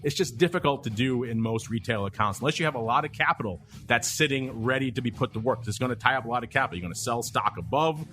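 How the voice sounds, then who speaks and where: A man's voice: medium pitch, animated, fast talker, few pauses, sharp tone. A man hosting a casual finance podcast, upbeat and reading listener questions aloud. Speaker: podcast host.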